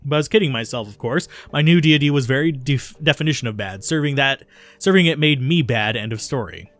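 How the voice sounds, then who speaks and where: Guy reading the lines of a guilt-ridden ex-cultist girl from a game, brisk and dry. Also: mid-range voice, dry recording. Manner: steady confessional reading with small slips. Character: remorseful young woman, former cultist turned runner. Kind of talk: reading game dialogue aloud.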